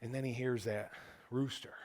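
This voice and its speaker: A man preaching a sermon in a church, animated, acting out quotes and swinging from loud bursts to hushed tones. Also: mid-range voice, moderate pace, slight background noise. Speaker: pastor. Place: church auditorium.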